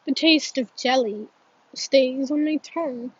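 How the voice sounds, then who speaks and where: Woman audiobook reader, high breathy voice, slow and earnest, muffled lo-fi sound. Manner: earnest, emotional reading with frequent restarts. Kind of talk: first-person novel reading.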